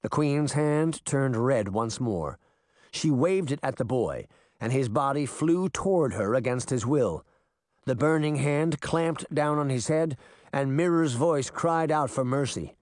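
A man narrating a storybook chapter in a lively, expressive reading. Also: mid-range voice, a little slow, dry recording, clean studio sound. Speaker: audiobook narrator. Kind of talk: scripted narration.

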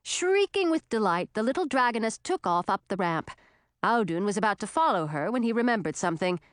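Woman, audiobook narrator, even storytelling, mid pitch, dry booth. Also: a little fast, dry recording.

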